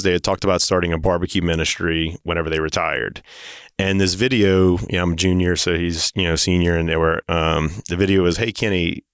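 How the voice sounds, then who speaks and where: A man who co-founded a company, telling an earnest, halting story in a casual interview. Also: low-pitched, smooth, dry recording, studio quality. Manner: earnest, halting, full of fillers.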